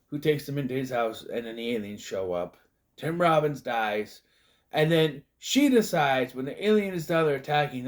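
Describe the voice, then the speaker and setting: Casual man recapping a movie. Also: medium pitch. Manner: animated, acts out scenes in quick put-on voices. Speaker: movie reviewer.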